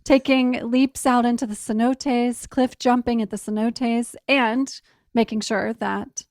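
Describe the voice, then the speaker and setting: A woman's voice: on the high side, steady tone, measured pace, darkish tone, no room sound, clean studio sound. A woman hosting a podcast, guiding a casual interview and filling in context for listeners. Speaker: podcast host.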